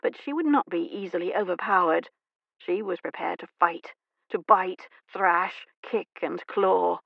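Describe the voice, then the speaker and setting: Gravelly woman narrating an audiobook. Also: fairly low pitch, a little slow, no echo. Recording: dry, slightly dull studio recording.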